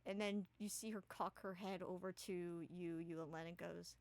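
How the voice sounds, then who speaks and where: A woman's voice: fairly low pitch, fairly even intonation, normal speed, hardly any pauses, darkish tone. A woman narrating as game master of a tabletop game, casual and full of fillers.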